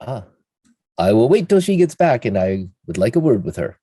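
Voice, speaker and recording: Theatrical male player, lively pitch. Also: moderate pace, breathy edge, no room sound, clean studio sound. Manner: flowery, theatrical in-character speech.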